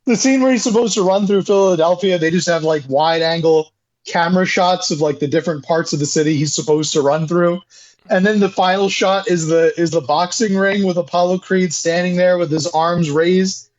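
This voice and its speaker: A man co-hosting a casual movie podcast, talking in a rambling, halting way. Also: sits high, dull audio, slight background noise. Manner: rambling, halting, with restarts and laughs. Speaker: podcast co-host.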